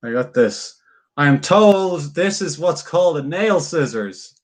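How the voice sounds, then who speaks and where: A man's voice: fairly high pitch, animated, slow pace. A young man casually chatting with his viewers on a livestream, swearing freely and musing aloud while he carves.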